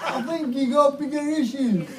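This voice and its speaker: An Australian man performing live stand-up comedy at an outdoor concert, with slow, deliberate delivery that breaks into shouted punchlines. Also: very high voice, very noisy. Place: outdoor protest concert stage. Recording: distant live concert mic with crowd laughter.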